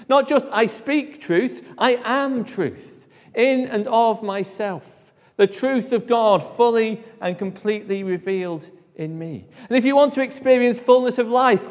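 High-voiced preacher in a reverberant hall. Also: male voice. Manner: emphatic, drops to a hush at phrase ends. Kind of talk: sermon.

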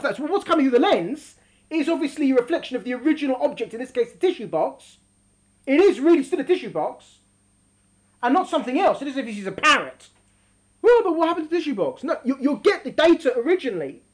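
Animated high-voiced woman teaching a class. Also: quick pace. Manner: animated, emphatic, stretches words for stress. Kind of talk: classroom teaching, reading and explaining a text.

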